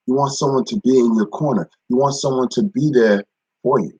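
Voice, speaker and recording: A man's voice: medium pitch, a little fast, darkish tone, slightly rough, no echo, rough recording. A man giving a casual spoken devotional, repeating phrases and greeting viewers by name. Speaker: ministry speaker. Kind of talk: live-streamed devotional talk.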